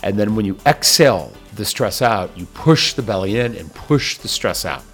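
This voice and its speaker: A man hosting a podcast, coaching listeners through a breathing exercise with insistent energy that drops to soft, near-whispered cues during the holds. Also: lowish voice, expressive, normal speed, soft background music. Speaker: podcast host and wellness coach. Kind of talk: guided breathing instruction.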